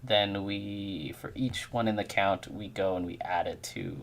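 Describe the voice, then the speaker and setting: A man in his thirties, a game developer, telling animated stories in casual chat while he codes. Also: lowish voice, a little slow, slight background noise. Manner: animated storyteller who acts out quotes.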